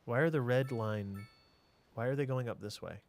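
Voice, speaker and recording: A man's voice: mid-range voice, normal speed, soft background music. A man streaming a city-building game, thinking aloud in a casual way, answering chat and trailing off into mutters.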